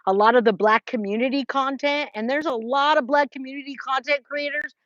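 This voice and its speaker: Chatty woman streamer reading chat out loud, kinda high voice, restarts a lot, dry dull audio. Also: steady tone, a little fast, no echo. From California. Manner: chatty, greets viewers by name, many restarts. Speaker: livestream host reading chat. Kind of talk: casual livestream chat. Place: trailer. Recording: dry, slightly dull lo-fi sound.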